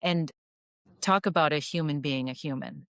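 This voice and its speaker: Woman podcast guest, low voice, dry close sound, earnest and reflective. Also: moderate pace, gravelly, no echo. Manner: earnest, thoughtful, many ums. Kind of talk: reflective spiritual conversation.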